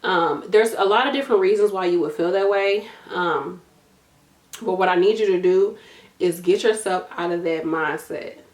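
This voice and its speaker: This casual advice vlog features a weary nurse YouTuber coaching viewers on studying in a plain, matter-of-fact manner. Her voice is on the low side at a normal speed, the sound reverberant, and she leans on slang like "y'all" and "gonna" while repeating things for emphasis.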